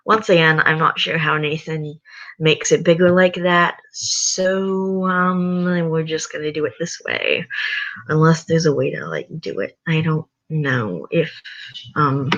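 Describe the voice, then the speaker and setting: A woman's voice: low-pitched, a bit bright. A tired young woman hosting a casual livestream, chatting hesitantly and reading a story aloud. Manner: chatty, hesitant, self-correcting. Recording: dull lo-fi sound.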